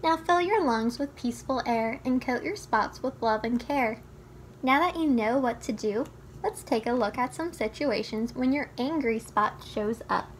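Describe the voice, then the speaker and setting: Brief: a woman reading a children's book aloud, gentle and instructive, with a bright, high voice. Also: normal speed, a little hiss or hum. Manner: gentle, teaching tone, speaks to the child listener. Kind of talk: storybook read-aloud.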